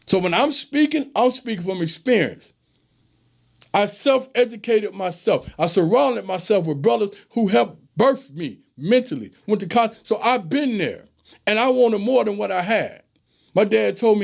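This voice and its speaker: Man, host; high, gravelly voice; emphatic, preachy monologue. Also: lively intonation, normal speed, a little mellow. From American South. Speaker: show host. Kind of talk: casual monologue.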